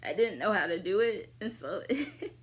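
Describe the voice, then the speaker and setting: A young adult woman vlogger casually answering viewer questions, rambling with lots of fillers and jumping into sudden high squeals. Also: lively intonation, normal speed. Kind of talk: casual chat.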